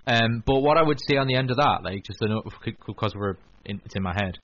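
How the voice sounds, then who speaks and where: A man's voice: lowish voice, fast talker, fairly bright tone. A man hosting a radio talk show, chatting casually with lots of restarts and fillers. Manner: rambling, many restarts and fillers. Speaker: radio host. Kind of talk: casual chat. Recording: dull lo-fi recording.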